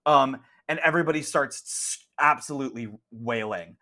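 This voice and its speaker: A man's voice: mid-range voice, normal speed, sharp tone. A man as game master, casually narrating a tabletop horror game with gleeful gory detail.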